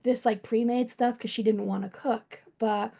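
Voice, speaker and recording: Emotional young woman, slightly high voice. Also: fairly even intonation, normal speed, gravelly, mellow. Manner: chatty, emotional, laughs often. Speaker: client.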